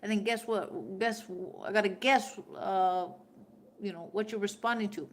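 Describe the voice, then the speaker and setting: Woman in her middle years, spiritual livestream host, brash and profane, loud bursts then hushed asides, casual chat with viewers. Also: medium pitch, measured pace.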